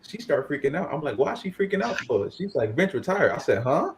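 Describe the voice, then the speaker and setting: A man co-hosting a wrestling podcast, telling a story in animated, slangy casual chat. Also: on the high side, a little fast, a little hiss or hum. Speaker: podcast co-host.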